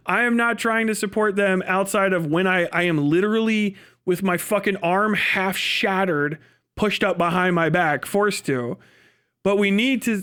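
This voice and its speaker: A man streaming live, ranting casually in an animated, emphatic and profane way. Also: high-pitched. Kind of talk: casual livestream rant.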